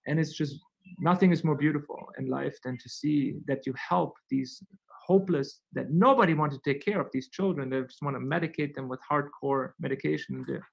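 Gravelly man, halting with fillers. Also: fairly high pitch, dull audio. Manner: halting, many fillers and restarts. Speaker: physician guest. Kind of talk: conversational webinar explanation.

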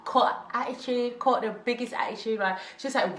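A young woman, telling a storytime vlog tale in animated, slangy talk with laughs. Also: fairly high pitch, normal speed, few pauses. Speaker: vlogger. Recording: roomy echo.

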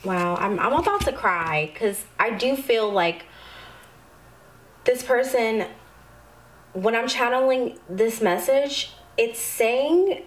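A woman doing a tarot reading to camera, calm and spiritual, with sudden excited outbursts. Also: medium pitch, slow pace, rough recording. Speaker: tarot reader.

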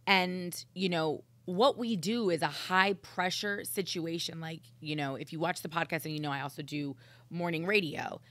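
A woman's voice: lowish voice, fairly bright tone, no echo. A woman who co-hosts a podcast and a morning radio show, talking in an intense, blunt, profane way in a casual chat. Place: studio.

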